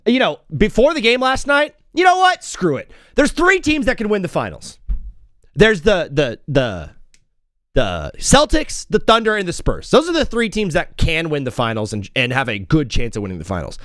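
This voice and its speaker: A man hosting a live sports talk show, rambling and joking in an excitable, casual way. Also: fairly high pitch, moderate pace, no room sound, clean studio sound.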